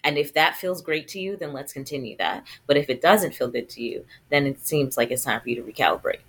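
Low-voiced woman on a chatty podcast, swoopy lively delivery, frank and sure of herself. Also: fairly quick, slightly rough. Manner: frank, self-assured, laughs often. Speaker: podcast co-host. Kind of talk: casual podcast chat.

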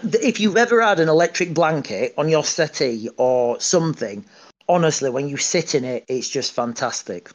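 A man's voice: fairly high pitch, expressive, moderate pace, muffled recording. A man guest on a podcast telling military-style anecdotes casually, repeating and restarting words. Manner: hesitant, repeats words, chuckles at own stories.

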